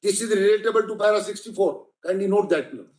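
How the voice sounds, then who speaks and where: A man's voice: sits high, fast, a little mellow. A man with an Indian English accent arguing a case before judges in court, emphatic and persistently addressing the bench as my lord. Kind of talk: courtroom legal argument. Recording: echoey courtroom.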